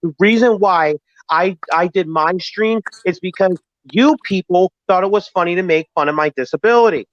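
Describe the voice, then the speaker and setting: A man's voice: high voice, moderate pace. A man arguing on a live stream, defensive and repeating himself as he explains his feelings. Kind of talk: heated live-stream argument. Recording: dry, dull lo-fi stream audio.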